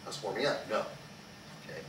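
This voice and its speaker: Heard from afar over background noise in an echoey karate training hall, a man instructs a small martial arts class. He speaks briskly in a fairly bright tone, asks the students questions, leads them in chants, and checks in with "okay?" after almost every line.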